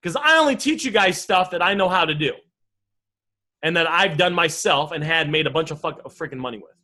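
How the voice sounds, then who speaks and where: A man's voice: a little high, expressive, fairly quick, sharp tone. A man teaching a casual online negotiation lesson, brash and swearing freely as he keeps talking to his audience as guys. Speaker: sales and negotiation coach.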